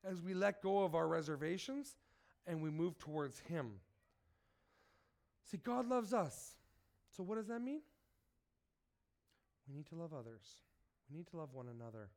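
Man, high voice, sick, preaching, earnest, asks listeners questions. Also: expressive, unhurried, gravelly, pauses often, darkish tone. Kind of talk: sermon with Bible reading.

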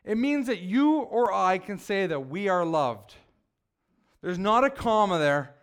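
High-voiced man preaching a sermon. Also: lively intonation, normal speed. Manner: earnest, emphatic preaching with call-and-response prompts. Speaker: pastor.

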